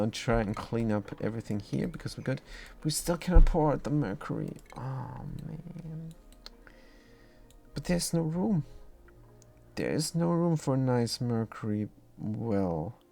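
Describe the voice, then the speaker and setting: A German-accented man streams a game and talks his moves through out loud, rambling and filling pauses with ums. His voice is mid-pitched with a gravelly edge, and keyboard typing clicks along behind him. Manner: rambling, thinks aloud with many ums. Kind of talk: casual gameplay commentary.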